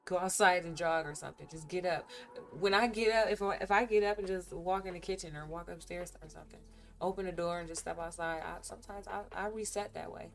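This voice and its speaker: A woman's voice: on the low side, a little fast, gravelly. A woman livestreaming her day trading, chatting candidly and animatedly with viewers about her ups and downs. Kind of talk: casual live-stream chat while trading.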